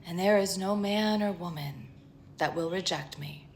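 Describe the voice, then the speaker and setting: A woman in her thirties giving an earnest spiritual pep talk as a tarot reader, with emphatic lists that often sink into a hushed, breathy near-whisper. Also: lowish voice, measured pace, slight background noise. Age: 30s.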